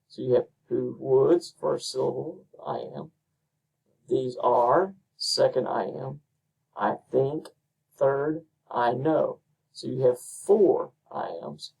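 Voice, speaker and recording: Gravelly man lecturing from a distance. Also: mid-range voice, a little mellow. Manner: unhurried, with frequent ums and uhs. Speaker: instructor. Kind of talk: recorded lecture.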